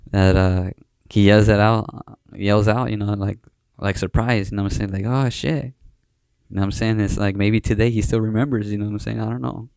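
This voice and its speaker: Young man, gravelly low voice, slangy rambling podcast chat, dry close sound. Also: little pitch movement, fairly quick, darkish tone, no room sound. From Southern California. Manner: rambling, slangy, full of fillers and restarts. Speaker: podcast host. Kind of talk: casual chat.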